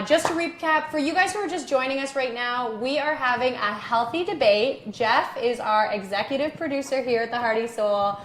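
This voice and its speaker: A woman's voice: on the high side, a little hiss or hum. Naturopathic doctor woman in a roomy studio. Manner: explanatory, animated, reads viewer comments. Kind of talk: live-streamed health debate.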